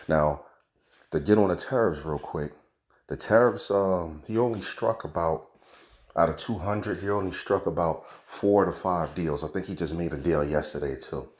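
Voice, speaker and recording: A man giving casual commentary on news and prophecy, talking in slang with preachy asides. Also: sits low. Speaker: religious commentator.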